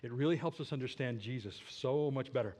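A middle-aged man preaching a sermon, swinging from hushed asides to emphatic declarations and asking the congregation questions. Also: mid-range voice, brisk. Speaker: pastor.

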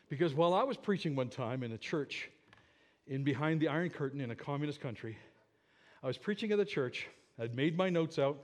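A man preaching in church, telling a personal story in an earnest way that moves between loud moments and hushed ones. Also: a little high. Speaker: pastor. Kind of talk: sermon storytelling.

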